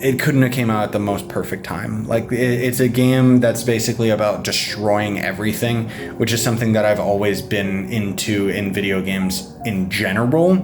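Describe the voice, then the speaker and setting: A young man, a new father, talking frankly on a casual home vlog, stressed and swearing freely. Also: lowish voice. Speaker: vlogger, father of a baby.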